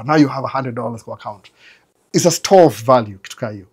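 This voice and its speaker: A Kenyan-accented man talks casually to his livestream viewers at a middle pitch. He rambles in a chatty way, trips over quick restarts and keeps the tone relaxed and conversational. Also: slightly rough. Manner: code-switching, chatty, stammering restarts. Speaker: livestream host answering viewers.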